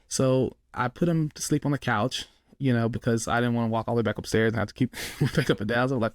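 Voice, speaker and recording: A man's voice: mid-range voice, fairly even intonation, quick pace, few pauses, no echo, clean studio sound. A middle-aged man telling a personal story in casual, rambling talk, full of fillers as a podcast guest. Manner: rambling, lots of "like" and "you know".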